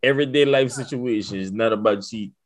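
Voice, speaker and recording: A man co-hosting a casual podcast, blunt and quick to curse and laugh. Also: mid-range voice. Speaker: podcast co-host.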